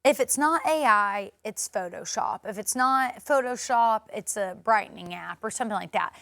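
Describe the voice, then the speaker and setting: A woman's voice: medium pitch, expressive, moderate pace, gravelly, fairly bright tone, no room sound. A woman from Arkansas with a Southern accent, chatting playfully and giving strong opinions as a morning show co-host. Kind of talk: casual chat.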